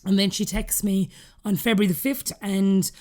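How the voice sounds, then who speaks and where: A woman's voice: medium pitch, steady tone, moderate pace, a little mellow. An Irish woman in her thirties with a Cork accent, a podcast guest chatting through personal stories, laughing often as she talks. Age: 30s. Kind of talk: casual storytelling interview.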